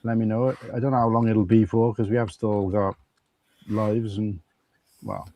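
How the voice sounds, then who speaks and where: A man's voice: fairly low pitch, little pitch movement, normal speed, dark tone. A man hosting a casual live stream with friends, laid-back, laughing often and swearing freely. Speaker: streamer and show host.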